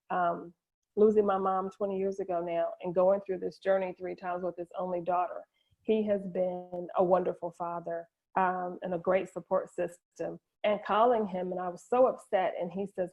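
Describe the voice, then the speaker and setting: A woman's voice: on the low side, steady tone, normal speed. A middle-aged woman, a guest in an interview, candidly sharing an emotional personal story with frequent restarts. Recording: dull lo-fi audio.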